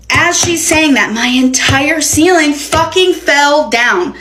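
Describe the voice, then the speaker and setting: A young woman with a slightly high voice recounts a chaotic personal story. She talks casually and dramatically, with plenty of swearing. The sound has a roomy echo. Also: normal speed. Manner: animated, profane, dramatic retelling. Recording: echoey room.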